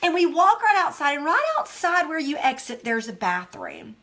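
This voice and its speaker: A woman with a high, bright voice hosts a motivational devotional talk. She tells stories intensely and with emotion, and speaks straight to her listeners in an earnest way. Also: big pitch swings, moderate pace. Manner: earnest, direct address to listeners. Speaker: host.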